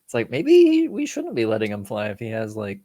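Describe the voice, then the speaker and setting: Animated man co-hosting a film podcast. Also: fairly low pitch, brisk, no room sound. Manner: animated, acts out scenes and quips with laughter. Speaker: podcast co-host. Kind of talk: casual film-review chat.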